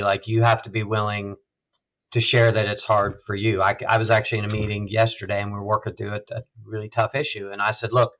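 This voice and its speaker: A man's voice: on the low side, a bit bright, muffled recording. A man, a health system CEO, speaking thoughtfully as an interview guest, often restarting his sentences. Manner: thoughtful, measured, halting restarts. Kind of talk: conversational interview.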